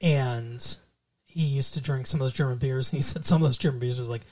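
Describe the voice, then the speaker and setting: Male co-host, casual chat, meandering delivery with frequent restarts, mid-pitched. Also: fairly even intonation, fairly quick, darkish tone. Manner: rambling, trails off and restarts mid-thought. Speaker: podcast co-host. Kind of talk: casual chat about a TV show.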